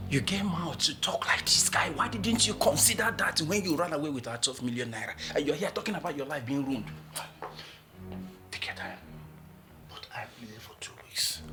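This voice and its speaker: A man's voice: fairly high pitch, lightly acted. A man playing a stammering, nervous Nigerian husband. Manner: stammering, pleading. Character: nervous adult man hiding debts from his wife. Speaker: husband in debt.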